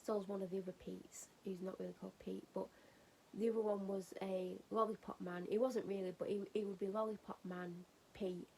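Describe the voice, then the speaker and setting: A woman's voice: mid-range voice, level tone, fairly quick, gravelly, a little mellow, a little hiss or hum, poor audio. A woman vlogging at home while getting ready for bed, telling a rambling funny story in a casual chatty way and laughing at it.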